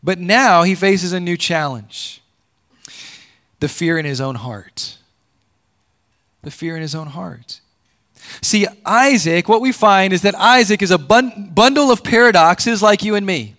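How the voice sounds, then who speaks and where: A man preaching a sermon, repeating words as he builds a point and swinging between loud emphatic peaks and low quiet drops. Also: expressive, unhurried. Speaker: pastor.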